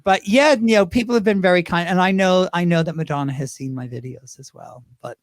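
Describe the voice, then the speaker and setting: A man's voice: high voice, brisk, dry recording, clean studio sound. A man in his fifties, a drag performer telling rambling stories as an interview guest. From Great Britain. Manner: chatty, rambling, slips into impressions. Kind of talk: casual interview storytelling.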